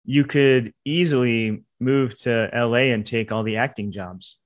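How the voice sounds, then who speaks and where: A man's voice: medium pitch, a little slow, dry recording. A man hosting a podcast, asking curious, playful questions in casual chat. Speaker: podcast host.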